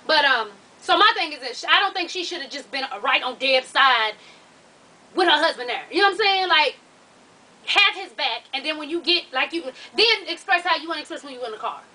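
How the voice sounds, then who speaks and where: A high-pitched woman with a bright, sharp tone gives a blunt, profane recap of a reality show, full of sassy asides. She talks to her viewers as "y'all" and "honey". Her voice sits a little back from the mic. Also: lively intonation, fairly quick, distant mic, low-quality recording. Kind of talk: casual chat.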